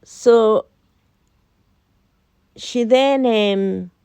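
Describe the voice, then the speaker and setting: A woman's voice: on the high side, extremely slow, smooth, dry recording. A woman with a Scottish accent, casually telling a storytime tale and acting out both sides of a conversation. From Scotland. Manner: animated, quotes herself and her friend in dialogue.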